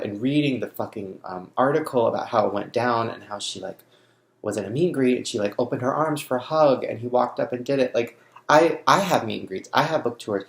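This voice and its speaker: A young man in an emotional personal vlog, speaking through grief in halting, broken sentences. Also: lowish voice, gravelly, reverberant. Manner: grieving, halting, restarts often. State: shaken by grief. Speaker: vlogger.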